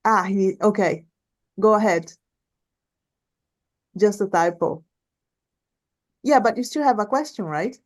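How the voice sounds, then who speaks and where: A woman's voice: medium pitch, lively intonation, takes it slowly, pauses often. A woman hosting a seminar, moderating a live online question session over a video call, chatty and restarting sentences. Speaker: seminar host.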